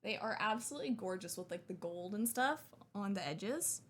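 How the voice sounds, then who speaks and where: A young woman streamer chatting excitedly while unboxing, gushing and talkative. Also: mid-range voice, normal speed, a little hiss or hum.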